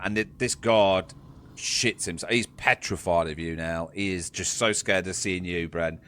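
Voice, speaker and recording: A man's voice: sits low, measured pace, fairly bright tone, a little hiss or hum. A man narrating as game master in a casual, joking manner. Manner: casual, laughing, swearing narration.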